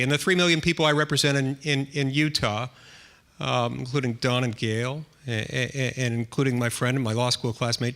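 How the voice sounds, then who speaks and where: A man's voice: fairly high pitch, pushed and bright. A middle-aged American man, a senator, telling a self-deprecating anecdote in a speech, with dry humor and frequent restarts. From United States.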